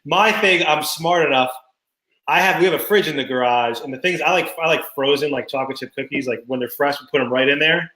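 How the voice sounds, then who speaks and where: Animated storytelling dad in echoey room. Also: male voice, on the high side, a little fast. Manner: animated storyteller, laughs often. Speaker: podcast co-host. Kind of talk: casual chat.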